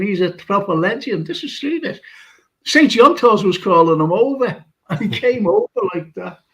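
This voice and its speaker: High-voiced man telling a rambling story. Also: fairly bright tone, low-quality recording. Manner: rambling storyteller, laughs while talking. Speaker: podcast host. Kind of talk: casual anecdote-telling.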